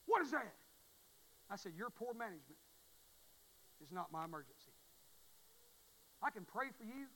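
A man in his forties with a Southern US accent, preaching a sermon in a folksy, emphatic way. He repeats his points and swings between hushed asides and near shouting. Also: sits high, very animated, normal speed, long pauses, rough recording. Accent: Southern US (Mississippi).

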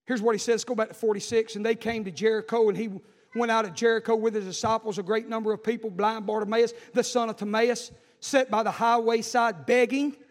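A man preaching a fervent sermon to his church, swinging from shouts to hushed, pleading tones. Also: sits high, flat delivery, a little fast, big-room sound. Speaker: pastor. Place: church sanctuary.

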